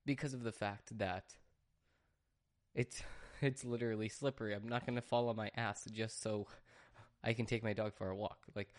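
A man's voice: lowish voice, steady tone, normal speed, pauses often. Rambling, chatty man hosting a podcast. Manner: rambling, chatty, restarts and sidetracks. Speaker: podcast host. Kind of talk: casual solo podcast monologue. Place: home studio.

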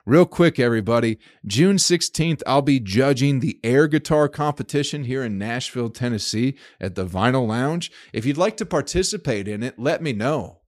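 A man's voice: mid-range voice, animated, normal speed, hardly any pauses. A man hosting his own podcast, riffing alone in a crude, rambling, profane way. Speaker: podcast host. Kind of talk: casual solo podcast monologue.

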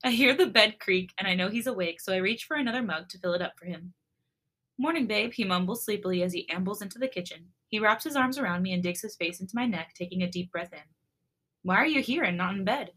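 Podcast co-host, female, bright voice, mid pitch, giggly storybook reading. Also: quick pace. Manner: giggly, reacts with laughter, steady storybook reading. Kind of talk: reading fan fiction aloud and chatting.

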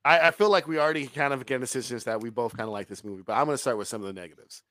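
A man riffs through a casual film review, animated and free with profanity, breaking into laughs. His voice sits at an ordinary pitch and is recorded close and dry, with no room sound. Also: rapid-fire, dry recording. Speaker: podcast co-host reviewing a film.

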